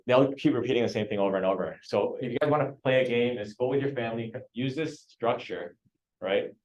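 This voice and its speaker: Low-voiced male trainer, muffled sound, quizzing a class. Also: darkish tone. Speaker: real estate trainer. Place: training room.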